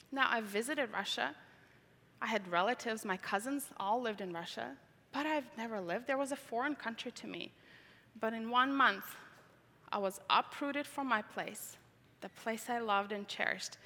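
Bright-voiced woman testifying in a hall. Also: fairly high pitch. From Tajikistan. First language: not English. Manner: earnest storytelling, repeats words for emphasis. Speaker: speaker giving testimony. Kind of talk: personal testimony talk. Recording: reverberant large hall.

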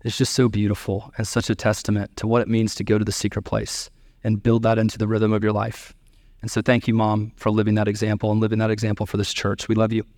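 A middle-aged man preaching a sermon to his church, telling a family story in an earnest way and lifting his pitch to act out the people he quotes. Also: monotone, quick pace, a little mellow, dry recording, studio quality. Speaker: pastor.

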